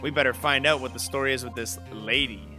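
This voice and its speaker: A man's voice: medium pitch, fairly even intonation, quick pace, bright, forceful tone, soft background music. A man reading video game dialogue aloud in a dry, slightly sardonic way for a let's play.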